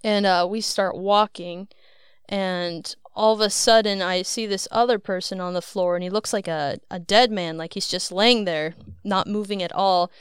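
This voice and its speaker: A woman's voice: mid-range voice, steady tone, moderate pace, clean tone, no room sound, clean studio sound. A woman, a guest on a Christian program, telling at length about a dream she had, in a rambling, earnest way with self-conscious laughs. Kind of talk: casual storytelling.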